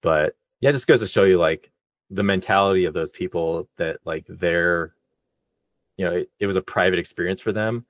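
Laid-back man with a very deep voice. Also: moderate pace, no room sound, highs cut off. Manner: laid-back, laughs while telling a story. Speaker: podcast co-host. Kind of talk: casual storytelling chat.

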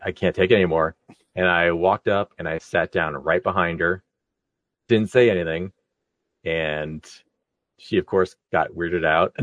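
A man's voice: sits low, no echo, dull audio. A man telling a story in a casual podcast chat, laid-back and laughing as he goes. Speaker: podcast co-host.

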